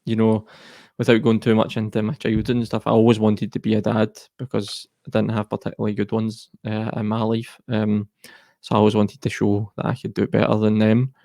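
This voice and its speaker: A man's voice: on the low side, completely flat delivery, brisk, creaky, hardly any pauses, mellow, dry recording. A Scottish man speaking as an interview guest, earnest and reflective. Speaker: guest, mental health charity co-founder. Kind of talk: personal interview talk.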